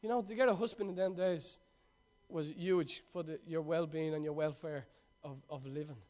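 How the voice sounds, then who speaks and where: A man preaching a sermon, reading scripture aloud and then retelling it with swings between loud emphasis and quiet asides. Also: on the high side, steady tone, moderate pace.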